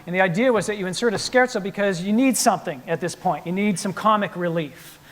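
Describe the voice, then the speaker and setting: A man playing piano in a trio, explaining the music to a live audience in an animated, playful lecture-demonstration. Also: sits high, quick pace, a little hiss or hum. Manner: animated, playful explainer acting out the composer's attitude. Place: concert hall with live audience.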